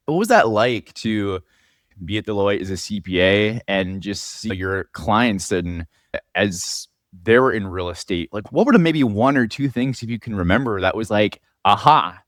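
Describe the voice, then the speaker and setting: A man's voice: fairly low pitch, dry recording, studio quality. A man hosting a podcast, asking questions in an upbeat, encouraging way. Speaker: podcast host. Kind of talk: interview host.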